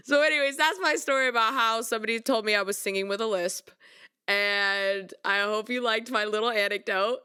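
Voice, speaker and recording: Bright, animated young woman storyteller. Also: on the high side, normal speed, clean tone. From United States. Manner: animated, laughing, mock-dramatic. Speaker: singer telling a story. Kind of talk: casual storytelling vlog.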